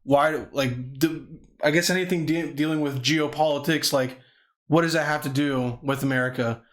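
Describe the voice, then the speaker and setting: A man's voice: a little high, steady tone, normal speed, fairly bright tone. A man co-hosting a casual comedy podcast, rambling and swearing a lot. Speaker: podcast co-host.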